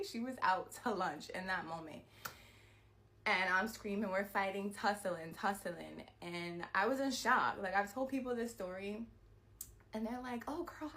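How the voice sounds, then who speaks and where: A woman telling a personal story to her viewers in a storytime vlog, animated and peppered with "like" and swearing. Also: mid-range voice, a little hiss or hum. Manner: animated retelling, heavy use of "like", frequent swearing. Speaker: vlogger.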